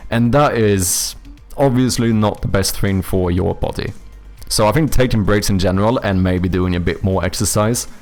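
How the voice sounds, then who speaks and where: A man's voice: on the low side, moderate pace, darkish tone, soft background music. A young man with a Swedish accent, a game developer chatting casually with viewers on a livestream, rambling and swearing freely. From Sweden. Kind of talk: casual livestream chat reading viewer comments.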